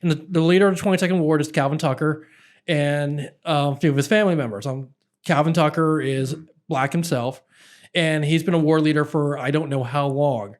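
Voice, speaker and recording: A man's voice: a little high, steady tone. A man from Philadelphia, a political activist guest, telling a story in casual podcast chat with lots of restarts. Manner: earnest, halting storyteller with many restarts.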